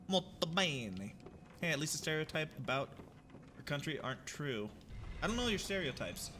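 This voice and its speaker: A young American man chatting casually with viewers while he plays, jokey and animated, now and then shouting at the game. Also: on the high side, slight background noise. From United States. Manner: jokey, animated, reads chat aloud, bursts into shouts at the game. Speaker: livestreamer. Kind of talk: casual gameplay chat with viewers.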